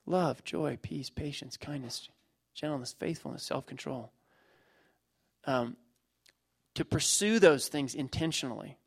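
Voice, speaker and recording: A man's voice: medium pitch, a little slow, creaky, long pauses, slightly rough. A middle-aged man preaching a sermon, emphatic, repeating key phrases and using everyday illustrations. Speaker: pastor.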